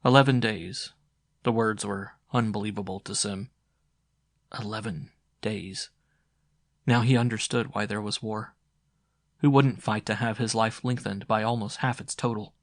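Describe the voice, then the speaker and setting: Male audiobook narrator; low, dramatic, dry studio read over soft music. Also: normal speed, no echo. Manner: dramatic, expressive storytelling. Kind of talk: scripted narration.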